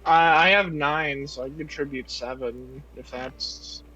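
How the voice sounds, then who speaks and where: A man playing a tabletop game, chiming in with quick, agreeable interjections. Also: a little high, steady tone, pushed and bright, husky, faint music behind. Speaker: player. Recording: dull lo-fi audio.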